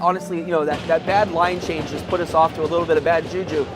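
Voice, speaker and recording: A man doing live play-by-play of a youth hockey game, with quick calls that jump up at big plays and joking asides. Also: a little high, fairly even intonation, over music. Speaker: play-by-play commentator.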